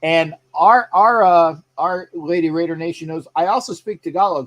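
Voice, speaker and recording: A man's voice: on the high side, moderate pace, hardly any pauses, a bit bright, slight background noise. A man hosting a casual live sports show, rambling and chatty as he reads out viewer comments. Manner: frequent fillers and restarts. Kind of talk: casual live-stream chat.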